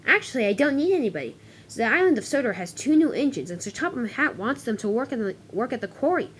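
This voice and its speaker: A woman's voice: on the high side, sing-song, fast, slight background noise. A woman voicing a firm, proper female diesel engine who scolds unruly trucks in a toy-train story. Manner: firm, scolding, a bit stiff.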